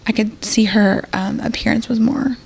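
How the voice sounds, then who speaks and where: A woman with a gravelly, husky voice tells a personal story as a podcast guest. She rambles casually, full of fillers, and acts out what everyone said in the moment. The feel is an emergency nurse talking things through. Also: a little high, steady tone, moderate pace, a little mellow.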